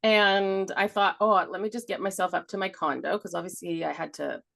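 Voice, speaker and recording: A middle-aged woman co-hosting a casual podcast chat, her pitch sitting in an ordinary middle range. She tells a story in a rambling, meandering way, laughs often and swears freely. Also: steady tone, brisk, vocal fry, fairly bright tone. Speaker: podcast co-host.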